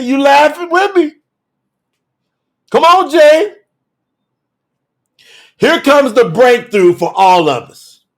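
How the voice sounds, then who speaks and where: A man teaching scripture on a live telethon, preaching with exuberant commentary, laughing often and calling out viewers by name. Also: extremely high pitch.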